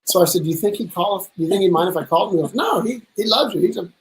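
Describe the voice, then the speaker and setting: A man's voice: high voice, expressive, rapid-fire, slight background noise, rough recording. Joking man in his fifties hosting. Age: 50s. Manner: teasing, storytelling, self-mocking. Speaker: show host. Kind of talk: casual joking chat.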